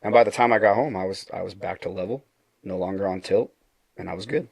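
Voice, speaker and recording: A man's voice: quick pace, darkish tone, no room sound. A middle-aged man telling a personal story in a casual, earnest way, acting out the dialogue and often restarting his phrases. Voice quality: low gravelly voice.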